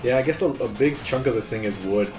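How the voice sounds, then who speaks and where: A man's voice: mid-range voice, fast. A young man co-hosting a let's play with casual, joking commentary and frequent laughs. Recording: roomy echo, game music behind.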